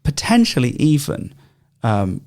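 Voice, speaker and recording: A man's voice: medium pitch, unhurried, creaky. Chatty man explaining scripture with fillers. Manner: animated, explains at length with many ums and restarts. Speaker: Bible study guest. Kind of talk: casual discussion podcast.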